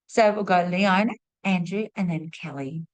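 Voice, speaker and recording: A woman teaching an online spiritual class over a video call, warmly praising each participant as she leads a sharing round. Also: fairly low pitch, moderate pace. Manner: warm, repeats praise words in threes.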